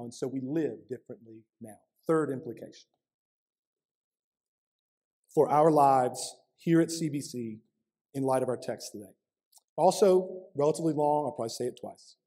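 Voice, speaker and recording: A man preaching from the pulpit in a slightly raised, husky voice with a warm, mellow tone. He presses his points with repeated rhetorical questions, swinging from forceful appeals to quieter, earnest asides. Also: a little high. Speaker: pastor. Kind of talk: sermon. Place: church.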